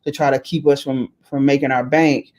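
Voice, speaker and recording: A woman's voice: extremely low pitch, moderate pace. A middle-aged woman chatting as a talk show guest, telling stories and acting out the voices of people she quotes. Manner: animated storyteller, acts out quoted voices. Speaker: talk show guest, arts executive director. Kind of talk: casual chat.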